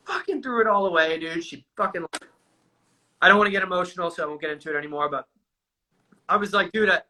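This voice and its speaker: A man recounts his own experiences in loose, candid conversation. His voice sits a little high and sounds very bright and forward. He swears often and tosses "dude" into nearly every sentence. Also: fast, low-quality recording. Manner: casual and profane, says "dude" constantly. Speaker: guest sharing a recovery story.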